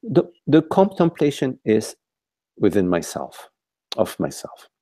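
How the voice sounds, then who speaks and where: A man's voice: fairly low pitch, huge pitch swings, a little slow, warm tone, dry recording. A man leading a contemplative dialogue over an online call, searching for words and often repeating and restarting his phrases. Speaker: spiritual teacher.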